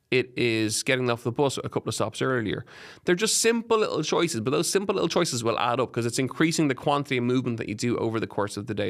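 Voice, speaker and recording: A man with an Irish accent hosting a podcast, giving fitness advice in an energetic, encouraging way and listing examples in quick runs. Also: mid-range voice, vocal fry. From Ireland. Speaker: podcast host and fitness coach. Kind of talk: solo podcast advice talk. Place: podcast studio.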